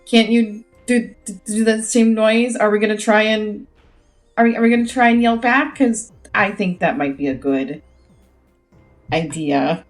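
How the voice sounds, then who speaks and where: A woman's voice: mid-range voice, measured pace, soft background music, lightly acted. A woman voicing an unsure young female adventurer who speaks hesitantly and stumbles over her words. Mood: anxious.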